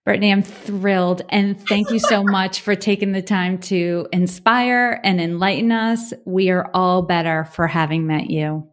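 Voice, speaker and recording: A woman's voice: medium pitch, fairly even intonation, measured pace, few pauses. A woman hosting an interview podcast, upbeat and effusive in her praise. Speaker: podcast host.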